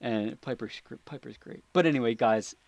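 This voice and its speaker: A man's voice: medium pitch, moderate pace, dry recording. Young man, podcast co-host, rambling casual chat, frequent laughs, dry close-miked sound. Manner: rambling, laughs often, restarts a lot.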